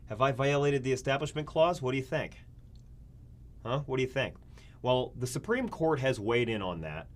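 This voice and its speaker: A man's voice: mid-range voice, lively intonation, normal speed. A man teaching a college government class, talking casually, asking his students rhetorical questions and acting out little scenes. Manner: conversational, asks rhetorical questions, acts out scenarios. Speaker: community college government instructor. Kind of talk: recorded classroom lecture.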